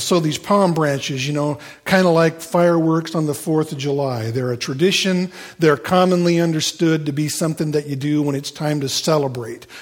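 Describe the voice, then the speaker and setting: A middle-aged man preaching a sermon in a conversational way, with many fillers and restarts and playful asides to the congregation. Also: on the high side. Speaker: pastor.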